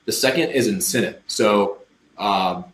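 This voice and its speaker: Low-voiced man in an echoey room. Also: measured pace, a little hiss or hum. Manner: energetic, acts out customer quotes. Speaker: podcast guest, marketing company representative. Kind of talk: casual podcast conversation.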